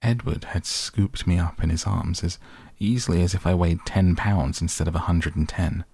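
A man reading an audiobook in a measured, steady way. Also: low-pitched, creaky, breathy edge, dry recording. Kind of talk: audiobook narration.

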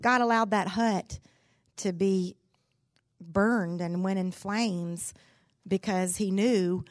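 A pastor's wife delivers a devotional talk in the manner of a sermon, telling stories in a folksy, candid and humorous way. Her voice is medium-pitched and steady, she takes her time, and there's no echo.

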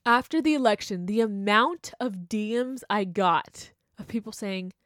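A young woman telling a story in casual chat, animated and full of fillers, acting out what people said. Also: fairly high pitch, dry recording, studio quality. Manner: animated, chatty, full of "like" and laughter, acts out quotes. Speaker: vlogger.

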